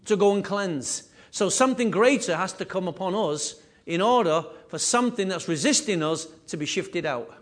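A man preaching a sermon with emphatic, repetitive phrasing, his voice rising and falling in loudness. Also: high-pitched, lively intonation, normal speed, hardly any pauses. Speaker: pastor.

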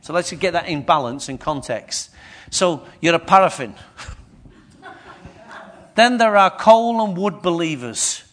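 A man delivers a sermon in a high, lifted voice. He keeps checking in with the congregation, throwing questions at them as he preaches. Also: lively intonation, measured pace, long pauses, a bit bright.

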